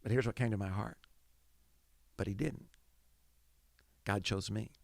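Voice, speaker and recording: A middle-aged pastor tells a story from the pulpit, voicing his own thoughts as he goes. His voice has a gravelly edge. The sound is dry and close, with no room around it. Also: fairly low pitch, steady tone, a little slow, darkish tone, no room sound. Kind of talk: storytelling sermon.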